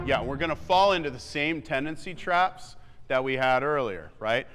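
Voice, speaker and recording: A man coaching a wind band in rehearsal, briskly counting off and singing the rhythms to show them. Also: medium pitch, lively intonation, fairly bright tone, faint music behind. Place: theatre stage. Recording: long theatre reverb with faint band.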